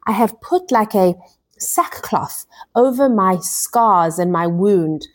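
A woman's voice: medium pitch, animated, slow pace, darkish tone. A woman voicing a grieving biblical man in a scripture lesson, pleading his innocence in an anguished voice and repeating her words.

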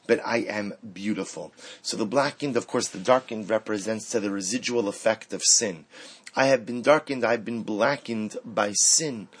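A man teaching a Torah lesson, mixing Hebrew quotes into animated rhetorical questions. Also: fairly low pitch, breathy edge, poor audio. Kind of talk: Torah class on the weekly portion.

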